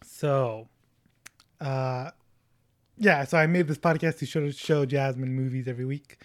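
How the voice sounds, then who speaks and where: A man's voice: mid-range voice, steady tone, a little slow, no room sound, studio quality. A man of about twenty hosting a podcast in casual chat, rambling and self-mocking. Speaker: podcast host.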